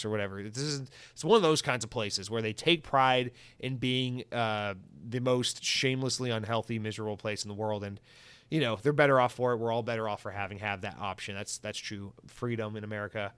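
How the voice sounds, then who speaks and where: A man's voice: on the low side, fairly even intonation, brisk, fairly bright tone, smooth, no room sound. A young man hosting a solo podcast, rambling and swearing with comic exaggeration. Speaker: podcast host.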